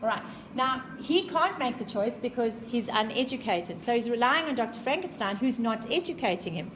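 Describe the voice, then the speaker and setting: A woman's voice: fairly high pitch, lively intonation, moderate pace, roomy sound, background noise. A woman with a South African accent who teaches a class in an emphatic way, repeating her points and quizzing her students. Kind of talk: classroom lecture.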